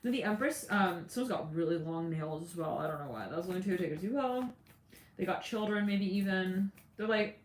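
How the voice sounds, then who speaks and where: A woman with a fairly low, fairly quick voice gives a loose, rambling tarot reading full of laughter and impressions of what people said. A little hiss or hum is audible, and the room echoes with faint ambience.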